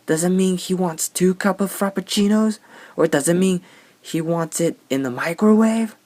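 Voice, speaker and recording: A man's voice: high-pitched, moderate pace, darkish tone, pitched above the performer's own voice, close to an everyday voice. A man mimicking a snooty, sarcastic female cashier in a mocking, incredulous tone.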